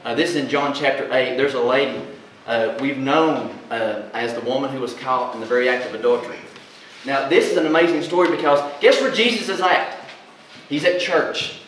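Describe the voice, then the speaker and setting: A man preaching a sermon as pastor, animated and plainspoken, often quizzing his congregation with questions. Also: mid-range voice, brisk, slight background noise. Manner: folksy, plainspoken. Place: large church hall. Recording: echoey hall, voice from far off.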